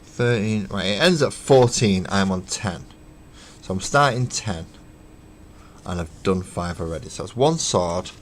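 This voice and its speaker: Chatty low-voiced man building models. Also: animated, measured pace, a little hiss or hum. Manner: chatty and self-mocking, counts parts aloud, swears casually. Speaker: streamer building miniatures. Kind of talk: casual live-stream chat while working. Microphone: webcam stream.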